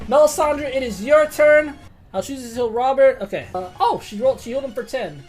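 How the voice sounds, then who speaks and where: A woman running a tabletop game as game master, excitable and swearing, swinging from quiet to loud. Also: high-pitched, a little fast, soft background music.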